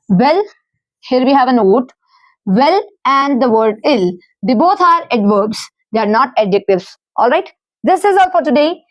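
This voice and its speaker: High-voiced Indian English woman teaching grammar. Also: darkish tone, no echo. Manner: patient, spells out letters and lists word forms. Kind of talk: explaining grammar rules.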